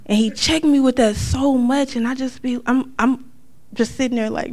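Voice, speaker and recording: A middle-aged woman giving a church testimony in a casual, conversational way, acting out quotes with sudden high outbursts. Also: fairly even intonation, normal speed, darkish tone. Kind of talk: testimony talk.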